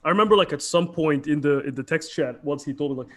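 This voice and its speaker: A man hosting a casual commentary chat, retelling events in an animated way. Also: fairly high pitch. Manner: animated, quick storytelling. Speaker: channel host.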